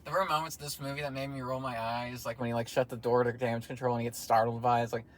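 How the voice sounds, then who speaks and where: A man's voice: medium pitch, level tone, very fast. A man co-hosting a casual movie review chat, sarcastic with crude jokes. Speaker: co-host.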